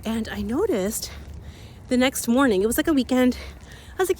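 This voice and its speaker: A woman in her thirties with a slightly raspy voice, hosting an energetic motivational talk outdoors while a little out of breath from walking uphill. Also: on the high side, brisk, a little hiss or hum. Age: 30s. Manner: energetic, repeats key phrases, laughs often. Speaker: podcast host and coach.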